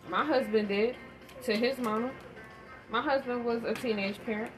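A woman's voice: fairly high pitch, moderate pace, music in the background, poor audio. A woman telling a candid story in a blunt, emphatic monologue about parenting. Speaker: parenting vlogger. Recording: steady audible background noise.

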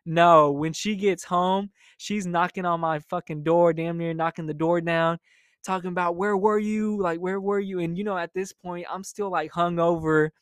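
A man's voice: fairly high pitch, moderate pace, smooth, no echo, clean studio sound. Chatty young man telling a story. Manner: animated, profane, chatty. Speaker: storytime host. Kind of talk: casual storytelling monologue.

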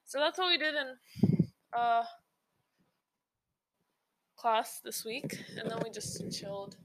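A teenage girl talks to her listeners in a loose, rambling way, giggling and breaking off mid-thought. Her voice sits a little high. Steady noise hums under her home recording. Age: teens. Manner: rambling, giggly, self-interrupting. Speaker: podcast host. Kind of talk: casual chatty monologue.

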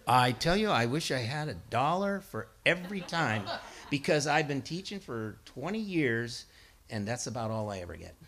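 A man's voice: medium pitch, sing-song, moderate pace, fairly bright tone, slight background noise. A middle-aged man giving a sermon, telling stories and acting out voices, building to emphatic peaks. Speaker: guest preacher and schoolteacher.

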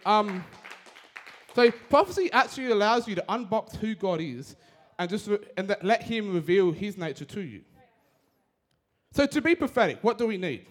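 A young man giving a casual, energetic sermon, talking fast with slang. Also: high-pitched.

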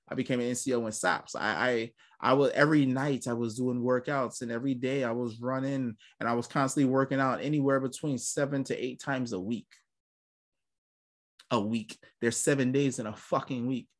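A man's voice: medium pitch, steady tone, normal speed. A young man hosting a podcast, talking in casual chat with a profane, rambling way of storytelling. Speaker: podcast host.

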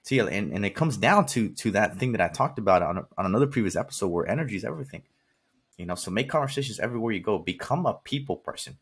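Speaking fast with lively intonation, this California man hosts a podcast in a fairly low, husky voice. He gives the listener a blunt motivational monologue, cursing casually and saying things again for emphasis.

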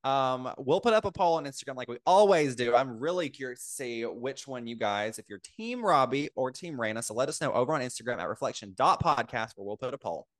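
A man's voice: medium pitch, expressive, fairly quick, hardly any pauses. Rambling young man co-host. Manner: rambling, filler-heavy, laughing. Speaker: podcast co-host. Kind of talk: casual podcast chat.

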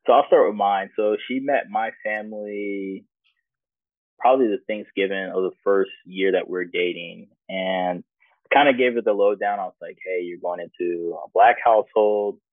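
A man's voice: fairly low pitch, moderate pace, dry recording. A man being interviewed, telling personal stories in a reflective, easygoing way. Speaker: interview guest. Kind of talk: casual personal storytelling. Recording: tinny phone-like dry sound.

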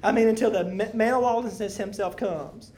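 This woman talks a little fast, her medium-pitched voice dark in tone. She guides a Bible study group, giving scripture an emphatic reading and then explaining it loosely and casually to those gathered.

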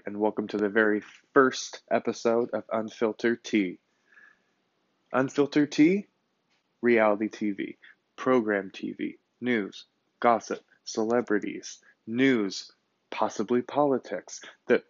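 A man hosting his own podcast alone, chatting casually and bluntly with lots of swearing, speeding up and slowing down for emphasis. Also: fairly low pitch, dry recording, muffled recording. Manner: animated, blunt and profane, swings between fast bursts and slow emphasis. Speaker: podcast host. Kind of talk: casual solo podcast chat.

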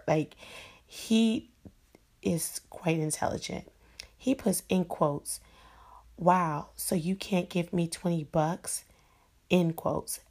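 A woman's voice: deep voice, gravelly, a little mellow, husky. A woman hosting a podcast, casually retelling a text exchange and reading the messages aloud with her own asides. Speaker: podcast host. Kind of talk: casual storytelling commentary.

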